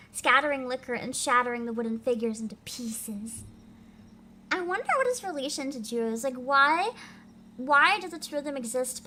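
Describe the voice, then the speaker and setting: A young woman streaming a game, reading its text aloud and gushing excitedly between lines with frequent giggles. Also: high-pitched. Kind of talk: game livestream, reading and reacting.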